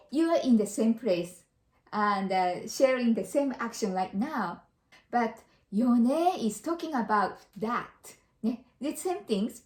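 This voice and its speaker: A woman's voice: on the high side, darkish tone, echoey room. A Japanese woman teaching a casual language lesson in English, repeating example phrases and dropping in Japanese fillers.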